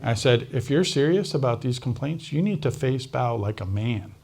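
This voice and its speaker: A man recounts something that happened to him in a conversational interview, speaking at normal speed with a husky, creaky, darkish voice at a standard male pitch. He's animated throughout, imitating the other speakers and laughing frequently.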